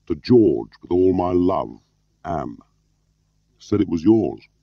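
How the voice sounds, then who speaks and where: A man with a very deep, gravelly voice playing an embittered middle-aged ex-spy who talks curtly and barks when angry, in a slightly muffled, dry recording. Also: big pitch swings, takes it slowly, no echo, exaggerated voice. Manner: gruff, barking, rising to shouts.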